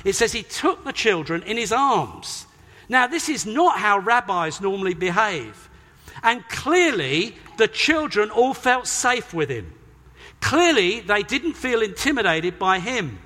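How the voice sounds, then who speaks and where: A high, lively male voice preaching in a church hall, with a long reverb trailing his words. He is bright and forceful, and he raises his voice to act out the quotes. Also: measured pace. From Britain. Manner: animated, emphatic, acts out quoted voices. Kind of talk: sermon.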